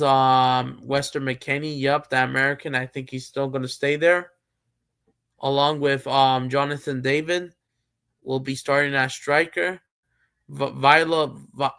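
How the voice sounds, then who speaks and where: A man's voice: medium pitch, vocal fry, a bit bright, smooth. A man hosting a live stream, chatting casually about football and thinking aloud with many fillers and restarts. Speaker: streamer host.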